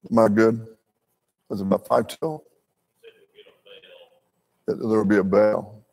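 A man's voice: on the low side, fairly even intonation, slow pace, creaky, a little mellow. An older man teaching a church Bible class in an earnest, folksy way, with asides to his listeners.

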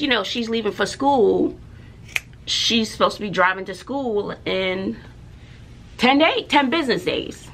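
A middle-aged woman talks straight to her viewers in a chatty vlog. Her voice has a gravelly edge, and she takes her time. She tells her stories with drama and often drops to a hushed aside. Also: medium pitch, a little hiss or hum. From Texas. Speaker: schoolteacher and mother. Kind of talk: casual chatty vlog storytelling.

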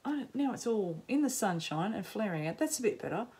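A middle-aged Australian woman chatting casually as a knitting podcaster at home, rambling and self-mocking, with frequent ums and quick laughs. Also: medium pitch, sing-song, dark tone. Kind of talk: casual chat to camera. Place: home, in sunshine.

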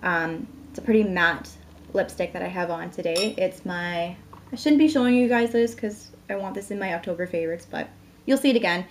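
A woman's voice: fairly low pitch, brisk, slight background noise. Bubbly, chatty woman vlogger. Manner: bubbly and chatty, soft cooing to a baby. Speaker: beauty vlogger. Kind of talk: casual vlog chat.

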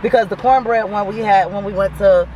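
A woman's voice: medium pitch, steady tone, a little fast, warm tone, dull audio. A woman hosting a casual food review vlog from inside a car, chatty and playful with a teasing edge. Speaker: vlog host. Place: inside a car, outdoors nearby. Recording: distant mic with car and street noise.

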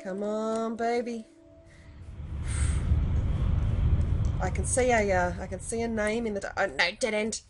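A woman's voice: mid-range voice, unhurried, pauses often. A woman with a South Australian accent commenting casually while she plays a game, chatty and jumpy, crying out when startled. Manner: chatty, jumpy, cries out in alarm at scares. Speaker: gaming YouTuber. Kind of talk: let's play commentary. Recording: loud background noise.

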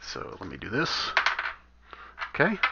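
A man's voice: medium pitch, wildly swooping pitch, a little slow, creaky, noisy background. A man running a tabletop game as game master, talking casually and thinking aloud as he moves pieces on the map. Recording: dull lo-fi voice chat audio.

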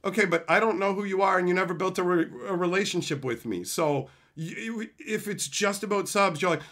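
A man's voice: sits high, a little fast, fairly bright tone. A man streaming live, ranting in an exasperated, profane way about entitled viewers. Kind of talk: livestream rant.

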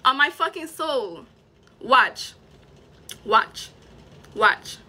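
A woman's voice: sits high, animated, drawn-out words, pushed and bright. A young woman with a Virgin Islands accent, ranting on a livestream in a furious, profane, threatening way. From Saint Thomas, US Virgin Islands. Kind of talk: heated livestream rant.

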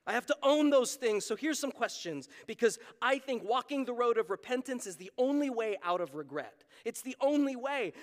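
A man preaching a sermon as pastor, talking in an earnest, conversational way and acting out quoted voices. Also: very high voice. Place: church sanctuary. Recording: long hall reverb.

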